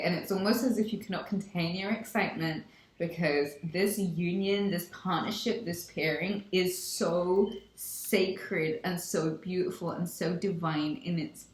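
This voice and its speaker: A woman gives a tarot reading in an unhurried, drawn-out delivery, gushing over each point and repeating her affirmations. Her voice carries a noticeable room echo, with a faint hiss underneath. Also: lowish voice. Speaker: tarot reader. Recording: echoey room.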